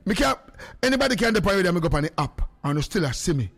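A man's voice: high-pitched, very animated, rapid-fire, creaky, fairly bright tone, slight background noise. A man with a Jamaican accent hosting a live stream from his home studio, joking and teasing as he calls out to viewers by name. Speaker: livestream host.

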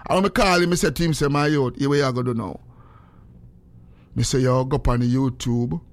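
A man hosting a show, telling stories in a lively, laughing way and quoting himself and others. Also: medium pitch, fairly quick, dry recording. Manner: animated, laughs often, quotes himself. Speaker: show host. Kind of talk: casual storytelling chat.

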